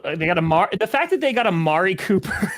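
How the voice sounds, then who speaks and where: A man on a video call as a guest, talking sports casually in a rambling, halting way. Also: high voice, animated, a bit bright. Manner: rambling, halting, laughs mid-sentence. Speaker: guest panelist.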